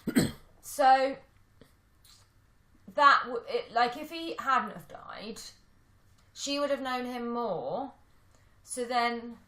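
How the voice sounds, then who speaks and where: Bright woman in echoey room. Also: a little high, animated, slow, long pauses. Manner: chatty, self-deprecating, thinks aloud. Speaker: podcast co-host. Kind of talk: casual film chat.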